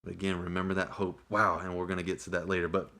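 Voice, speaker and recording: A man's voice: low voice, monotone, fast talker, pushed and bright. A man teaching a casual Bible study, talking in a conversational, earnest way with frequent exclamations.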